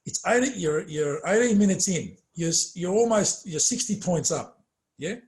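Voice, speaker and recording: A middle-aged man chats casually in an interview. His voice sits a bit high and he tells stories with animated stress and plenty of fillers, often trailing off quietly. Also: moderate pace. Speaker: former footballer, interview guest.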